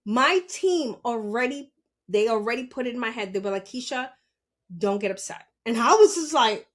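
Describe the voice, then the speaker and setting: A young woman podcast host telling a story as a blunt, animated rant, swearing and asking "you understand?". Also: a little high, moderate pace. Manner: animated, blunt, swears, asks rhetorical questions.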